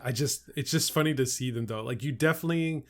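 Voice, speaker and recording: A man's voice: mid-range voice, fast. A man co-hosting a podcast, laid-back and casual, swearing and laughing often. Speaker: podcast co-host. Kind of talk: casual chat.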